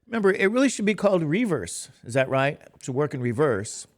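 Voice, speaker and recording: A man's voice: on the high side, big pitch swings, brisk. Tired middle-aged guy teaching math, chatty and rambly, jokes at himself. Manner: rambling, self-deprecating, chatty asides. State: tired, sleepy. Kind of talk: casual classroom lecture.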